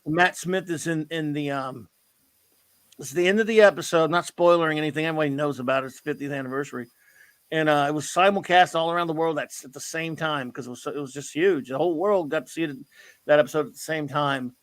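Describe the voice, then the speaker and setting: A man's voice: a little high, quick pace, a bit bright, no echo. A middle-aged man hosting a casual chat, telling a story in an enthusiastic, rambling way. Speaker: host.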